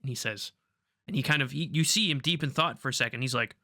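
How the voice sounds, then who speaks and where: A man's voice: mid-range voice, quick pace, pushed and bright, no room sound, clean studio sound. A man co-hosting a podcast, chatting casually and eagerly about tabletop games. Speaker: podcast co-host.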